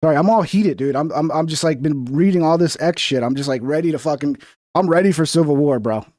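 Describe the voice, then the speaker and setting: Male streamer, high voice, dry close sound, heated, profane, mocking. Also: fast, darkish tone, dry recording. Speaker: political commentary streamer. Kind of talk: heated livestream commentary.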